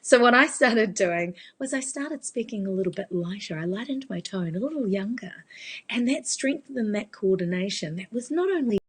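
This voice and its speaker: A woman's voice: mid-range voice, expressive, normal speed, husky. A woman, giving a chatty live Q&A as a vocal coach. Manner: chatty, explanatory, demonstrates voice changes. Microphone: phone.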